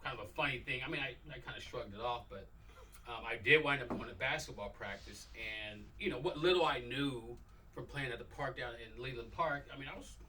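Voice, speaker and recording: A man's voice: mid-range voice, brisk, sharp tone, a little hiss or hum. A middle-aged man from Los Angeles tells stories casually, acting out quotes from his youth with animation. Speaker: guest. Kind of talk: casual storytelling conversation. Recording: distant mic.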